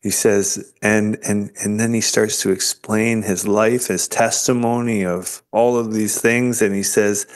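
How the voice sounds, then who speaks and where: Earnest man telling his story, low voice. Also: steady tone. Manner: earnest, halting, with many restarts. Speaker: guest sharing his testimony. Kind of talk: emotional storytelling.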